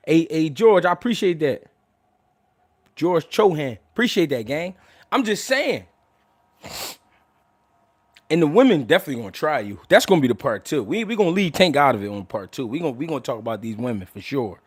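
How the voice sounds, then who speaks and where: Young adult male host, loud and animated, slightly high voice with wide pitch swings, casual and profane. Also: normal speed. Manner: loud, animated, laughs often, swears freely. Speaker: boxing commentator and show host. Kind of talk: casual livestream talk.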